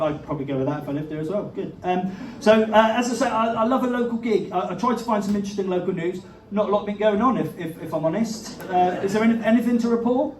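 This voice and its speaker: Stand-up guy, highish voice, laughing at his own bits, far-off roomy mic, crowd cracking up behind. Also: a little mellow. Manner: chatty, self-mocking, laughs at his own jokes. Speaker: stand-up comedian. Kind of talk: live stand-up set. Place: live comedy venue with an audience. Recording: roomy venue audio, captured from a distance with crowd laughter. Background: audience laughter.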